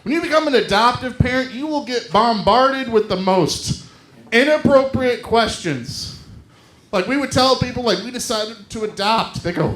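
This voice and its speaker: Male stand-up comic with a very high voice, on a handheld mic in a roomy club. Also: measured pace. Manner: loud and animated, acts out quoted people. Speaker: stand-up comedian. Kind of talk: stand-up comedy set. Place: comedy club stage.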